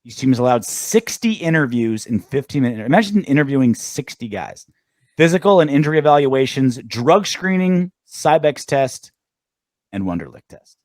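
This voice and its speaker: On a sports podcast, the host riffs and jokes with his co-host in casual chat, quoting shows with playful voices and plenty of animation. His voice is mid-range at a moderate pace, with no room sound.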